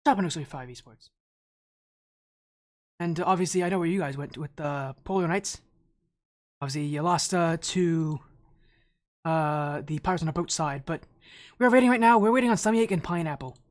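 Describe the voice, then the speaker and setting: A man's voice: a little high, normal speed, long pauses. A man streaming as an esports caster, chatting casually with viewers, slightly out of breath, rambling with restarts. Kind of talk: casual live-stream chat.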